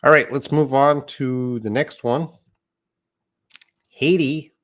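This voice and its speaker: A man's voice: mid-range voice, steady tone, takes it slowly, fairly bright tone. A man teaching a live online English lesson, explaining words patiently and reading out viewer comments.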